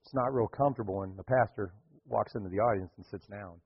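A pastor delivering a lively sermon in a church, acting out the scenes of his story and joking with the congregation. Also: on the low side, quick pace, husky, dull audio. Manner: animated storytelling, acts out scenes, jokes with the congregation. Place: church sanctuary.

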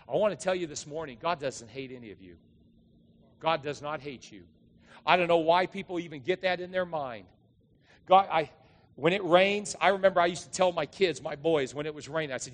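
A middle-aged male pastor preaching a sermon, telling stories and acting out the voices with drawn-out dramatic lines. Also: fairly high pitch. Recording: long hall reverb.

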